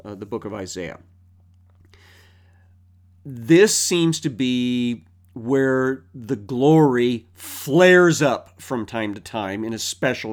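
A man teaching through a Bible passage verse by verse, explaining in a thoughtful way with frequent fillers. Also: medium pitch.

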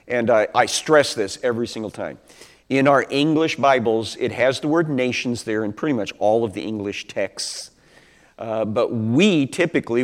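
A man preaching a Bible teaching sermon in a conversational way, asking rhetorical questions and acting out quotes. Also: mid-range voice. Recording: long hall reverb.

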